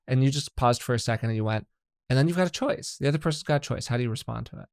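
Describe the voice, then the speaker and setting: A man's voice: very fast, dry recording, studio quality. A man hosting a podcast, chatting casually and now and then acting out both sides of a conversation. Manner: animated, acts out dialogue in high put-on voices. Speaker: podcast host.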